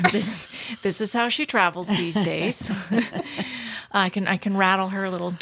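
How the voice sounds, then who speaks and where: A woman being interviewed about her outdoor adventures, a lively, self-deprecating storyteller who laughs often. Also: medium pitch, measured pace, breathy edge. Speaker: guest, outdoor adventure writer. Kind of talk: casual interview chat.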